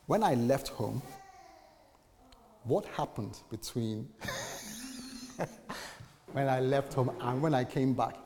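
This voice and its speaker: A man's voice: mid-range voice, takes it slowly, pauses often, darkish tone, slight background noise. A man voicing a confused newly married husband who cannot follow what is happening. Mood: bewildered. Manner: confused, raised, pleading. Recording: echoey hall.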